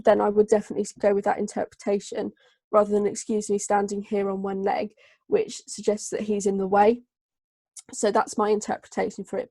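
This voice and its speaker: Gravelly low-key woman tutor. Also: mellow, no room sound. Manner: slow, hesitant dictation with many fillers while writing. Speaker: English tutor. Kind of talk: online group tutorial.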